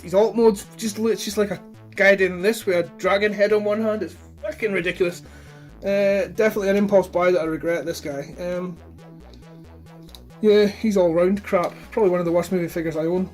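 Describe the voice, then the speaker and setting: A man's voice: high-pitched, steady tone, a little fast, soft background music. A man chatting casually about his toy collection, rambling and blunt with plenty of swearing. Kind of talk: casual chat.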